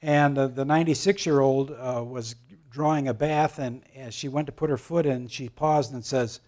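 A man teaching a Bible class, telling jokes to older listeners in a halting manner full of fillers and restarts. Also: mid-range voice, darkish tone. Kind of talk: joke-telling Bible lesson.

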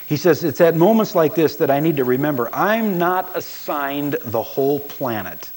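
A man's voice: fairly high pitch, animated, normal speed, darkish tone, poor audio. A man preaching a sermon as a pastor, telling stories and acting out quoted voices with emphasis.

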